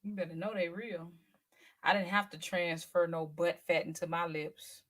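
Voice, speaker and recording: A woman's voice: on the low side, flat delivery, normal speed, a bit bright. A woman in her forties hosting a casual livestream, chatty and slangy, teasing and talking straight to her viewers. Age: 40s. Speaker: livestream host.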